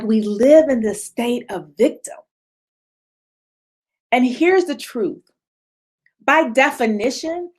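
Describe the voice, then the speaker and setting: Woman speaker, slightly high voice, lively motivational talk over a video call. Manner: animated, acts out voices of others, laughs often. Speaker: speaker at a virtual retreat.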